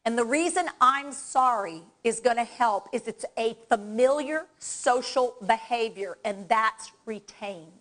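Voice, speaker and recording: A woman trainer speaks at a live workshop, direct and energetic as she coaches the audience through exercises. Her voice sits fairly high, and she talks to the room from the front of a presentation space. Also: unhurried, hardly any pauses. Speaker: dementia care trainer.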